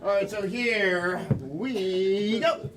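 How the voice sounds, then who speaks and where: A man hosting a live improv comedy show, briskly joking and taking suggestions from the audience. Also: high voice, far from the mic, crowd noise. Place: comedy theater stage. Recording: live room, off mic, audience.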